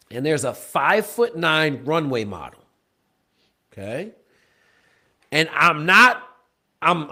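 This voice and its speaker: A man's voice: on the high side, pushed and bright. A man, a podcast guest, telling a story emphatically and often checking in with "okay?". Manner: emphatic, punctuates with "okay?" and "bro". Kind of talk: animated storytelling in a conversation.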